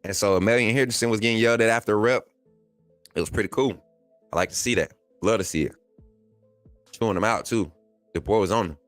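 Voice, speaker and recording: A man's voice: on the low side, quick pace, pauses often, dry recording, faint music behind. A man from Alabama with a Southern accent, hosting a live sports stream in a casual style, reading and answering chat comments with frequent laughter.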